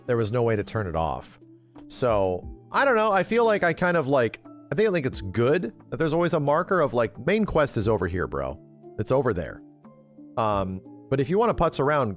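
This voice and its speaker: A man livestreaming in casual chat with his audience, animated and rambling, swearing freely and calling people bro and dude. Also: medium pitch.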